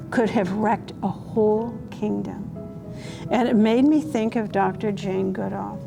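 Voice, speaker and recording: An older woman reading a picture book aloud to a child, gently asking the listener questions as she goes. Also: medium pitch, vocal fry. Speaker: humane education reader.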